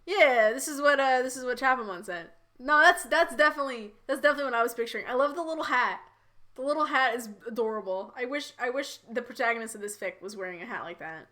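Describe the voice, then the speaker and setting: A woman's voice: fairly high pitch, fast talker, pushed and bright. A woman streamer reading fan fiction aloud and commenting in a rambling, giggly, incredulous way. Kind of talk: live-read with commentary.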